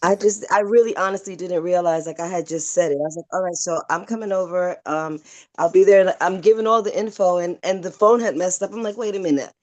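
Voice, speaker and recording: A woman's voice: lowish voice, brisk. A woman co-hosting a casual chat who laughs as she retells events and quotes herself.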